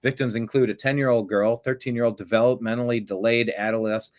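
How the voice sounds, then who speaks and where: A man's voice: mid-range voice, fairly even intonation, fast talker, hardly any pauses. A middle-aged man hosting an online political commentary show, blunt and sarcastic with rambling asides.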